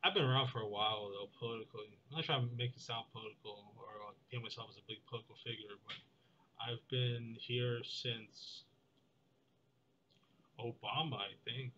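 A young man talking in a meandering, deadpan vlog monologue, full of fillers and restarts. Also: mid-range voice, normal speed, lo-fi sound, slight background noise. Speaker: vlogger. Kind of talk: rambling monologue.

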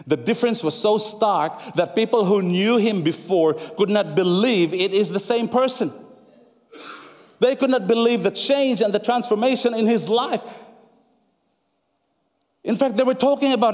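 A man preaching a sermon as pastor, emphatic and repetitive, going soft and low when quoting scripture. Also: normal speed, pauses often. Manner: emphatic preaching, repeats phrases for effect, drops soft and low for quoted words. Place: church sanctuary. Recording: long church hall reverb.

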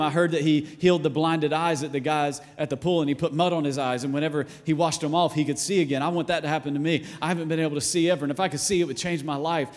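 A male pastor preaching a sermon in a church in a casual, playful way, acting out quotes and sometimes shouting. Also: a little high. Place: church auditorium. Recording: long hall reverb.

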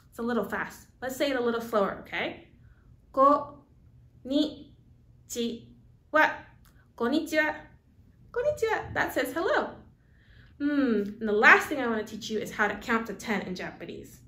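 A woman's voice: a little high, fairly bright tone. A woman presenting a school news segment, teaching children words in an upbeat call-and-repeat style; Spanish is her first language. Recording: echoey room.

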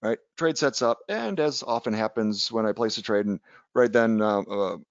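Low-ish and at normal speed, this man's voice comes through a dry, dull recording. Teaching trading in a relaxed webinar, he keeps it conversational, tells anecdotes, and checks in with "right?"

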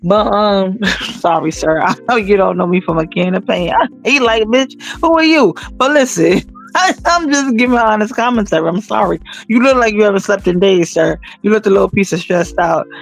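A woman hosting a casual news commentary vlog, talking straight to her viewers in an animated, emphatic, slangy way. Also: mid-range voice, moderate pace, gravelly, soft background music. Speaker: channel host and news commentator.

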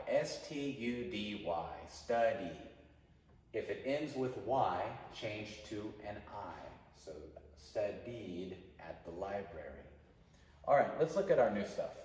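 A male English teacher giving a grammar lesson to a class, speaking slowly and repeating phrases for students to say after him. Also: mid-range voice, a little mellow. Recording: echoey hall, mic far off.

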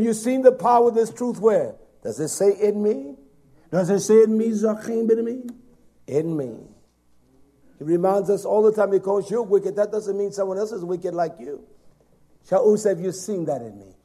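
A man preaching a sermon, swinging from loud emphatic lines down to soft whispers. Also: high voice, moderate pace.

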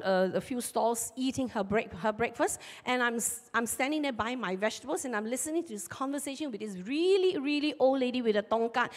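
High-voiced woman preaching in reverberant hall. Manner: animated storyteller, acts out shouted market dialogue. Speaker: pastor. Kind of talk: sermon with personal stories. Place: church sanctuary. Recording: long church hall reverb.

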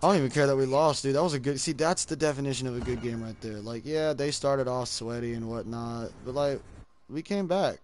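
A man's voice: mid-range voice, brisk, faint music behind. Rambling guy talking through his game. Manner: rambling and self-mocking, says dude often. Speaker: gamer streaming his match. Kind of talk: casual gameplay commentary. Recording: loud background noise.

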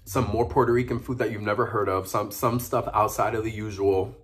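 A man with a fairly low voice talks through a casual eating vlog at home. He chats easily between bites and hums with pleasure as he savors the food. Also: steady tone, fairly quick, a bit bright. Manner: chatty, savoring food with frequent mm sounds. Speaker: mukbang vlogger.

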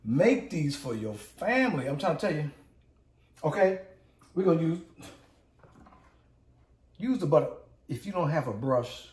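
A man's voice: a little high, very animated, measured pace, long pauses, a little mellow, roomy sound, distant mic. A man hosting a casual cooking demo, hyped and repetitive, calling out to his viewers as he works. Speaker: cooking channel host. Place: home kitchen.

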